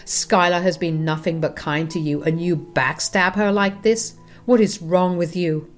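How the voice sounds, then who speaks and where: A woman's voice: lowish voice, steady tone, a little slow, faint music behind, close to an everyday voice. A woman voicing an angry young husband who firmly defends his wife.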